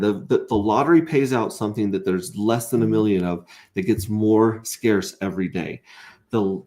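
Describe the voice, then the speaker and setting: A man with a lowish voice hosts a casual livestream, reading viewer comments aloud. He's excitable and rambling, often stammering as he restarts his sentences.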